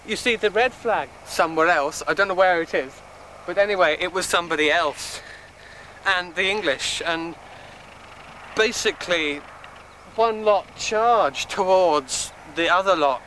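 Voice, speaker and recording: An Englishman doing a bumbling Scottish tour guide who rambles through history with mock earnestness, his voice pitched high. He stands out on an open moor, caught on a camcorder mic with steady outdoor noise behind him. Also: measured pace. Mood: mock-earnest. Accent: put-on Scottish. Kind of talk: comic mock history lecture. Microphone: handheld camcorder mic. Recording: noisy outdoor camcorder audio.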